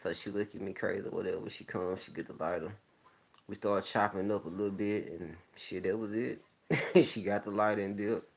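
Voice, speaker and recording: Laid-back deep-voiced man rambling to camera. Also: fairly even intonation, brisk, vocal fry. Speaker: YouTube channel host. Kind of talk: casual talk to viewers.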